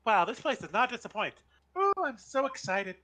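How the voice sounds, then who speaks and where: A man voicing a cheerful, excitable young woman in a video game, talking eagerly and bubbly. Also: extremely high pitch, normal speed, noisy background, pitched above the performer's own voice. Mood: excited.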